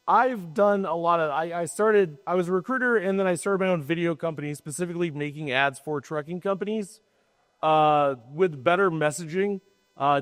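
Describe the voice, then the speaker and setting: Guy cohosting a trucking panel, kinda high voice, jokey and sarcastic, big hall echo. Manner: quick, joking, sarcastic asides. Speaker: podcast co-host. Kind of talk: casual panel talk. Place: hall at a trade show. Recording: long hall reverb.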